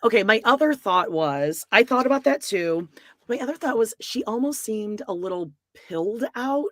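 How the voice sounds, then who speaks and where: A woman's voice: on the high side, animated, normal speed, no echo, studio quality. A woman co-hosting a podcast, chatting casually and giving frank, wry commentary. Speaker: podcast co-host. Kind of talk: casual gossip chat.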